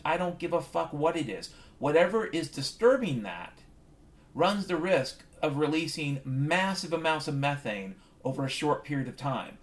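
A man hosting a show, rambling through a profane, conspiratorial comic monologue. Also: a little high. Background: piano music.

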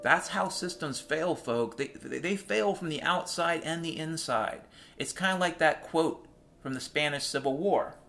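A fairly high-pitched man talking straight to his viewers in a blunt, profane monologue. He slows right down to hammer home each point. Soft piano music plays faintly underneath. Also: creaky. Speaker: financial commentator.

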